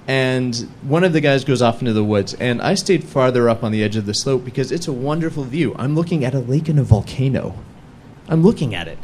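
Lively young man telling a story. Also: medium pitch, slight background noise. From United States. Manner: animated, joking, self-mocking. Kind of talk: live story slam storytelling. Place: stage before a live audience.

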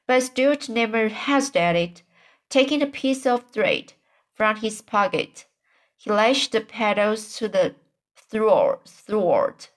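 A woman reading a children's book aloud, halting often and restarting stumbled words. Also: mid-range voice. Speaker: reader.

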